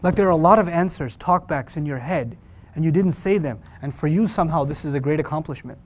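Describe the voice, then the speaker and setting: Male Quran lecturer, youth class, animated and humorous, voice a touch high. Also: fast. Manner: lively, joking, acts out parents and teens. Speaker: Quran teacher. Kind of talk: lecture to young adults.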